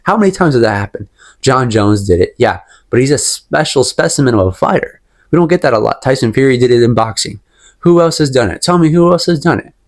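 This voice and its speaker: A young man rants casually to his viewers, circling back and repeating his points with emphasis. His voice sits at an ordinary middle pitch. He sounds like he is thinking out loud, unscripted and opinionated. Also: lively intonation, a little fast. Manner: rambling, emphatic, repeats himself, sips tea while talking. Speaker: MMA commentary vlogger.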